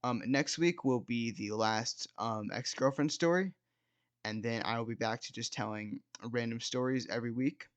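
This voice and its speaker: A man's voice: medium pitch, moderate pace, smooth, no room sound. A young man in his late teens hosting a storytime video, rambling through a casual story in a self-mocking way, full of "like" and "dude". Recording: dull, lo-fi, dry sound.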